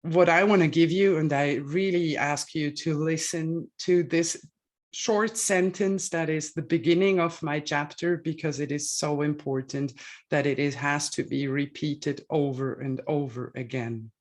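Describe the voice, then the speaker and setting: A woman's voice: deep voice, fairly even intonation. A woman from Switzerland who coaches women, speaking earnestly and tearfully over a video call at an online book launch. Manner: slow, earnest, heartfelt. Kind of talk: emotional speech at online event.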